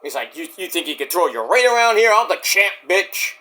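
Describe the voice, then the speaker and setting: Fairly quick and high-voiced, a man casually comments on a wrestling show live as he watches. He's excitable, uses swear words, and mimics what the wrestlers say in their promos.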